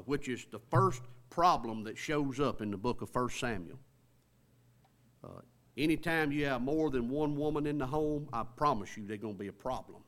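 A man's voice: medium pitch, fairly bright tone. A man preaching a sermon in a folksy, conversational way, stretching words for emphasis.

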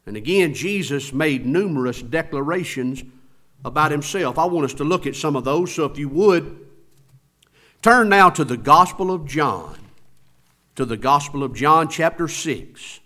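Guy preaching, emphatic, bright forceful voice, swoops up and down a lot. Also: on the high side, expressive, unhurried. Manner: emphatic, rising and falling preaching cadence. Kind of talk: sermon.

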